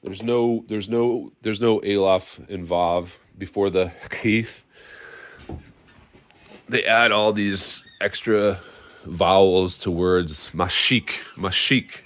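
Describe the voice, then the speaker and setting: Low-voiced guy preaching his testimony, fired up, repeats stuff for emphasis. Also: fairly even intonation, slow pace, fairly bright tone. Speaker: religious teacher sharing his testimony. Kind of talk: impassioned spoken testimony.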